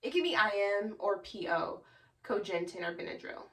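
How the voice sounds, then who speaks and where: A woman's voice: mid-range voice, normal speed, a bit bright, far from the mic. A young woman who works as a psychiatric nurse, explaining in a chatty, earnest way with a lot of "you know". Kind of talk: casual educational explainer.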